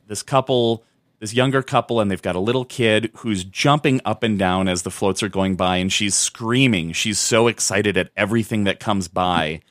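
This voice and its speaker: Guy cohosting a podcast, lowish voice, kinda rambly with lots of restarts, dry close mic. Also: normal speed, a bit bright, no echo. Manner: rambling storyteller with many restarts. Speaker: podcast co-host. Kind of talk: casual chat.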